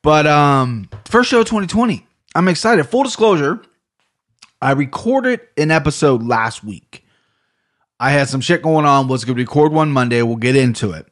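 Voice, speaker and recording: A man from Ohio with an Ohio accent, hosting a solo sports podcast in loose, rambling, profane casual talk, a bit low on energy. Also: animated, normal speed. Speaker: podcast host. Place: home room.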